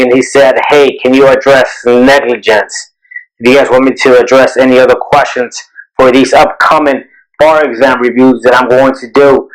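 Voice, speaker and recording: A man's voice: medium pitch, low-quality recording. A man reviewing a law exam question as a tutor, explaining step by step and answering his own questions. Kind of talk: recorded exam review lesson.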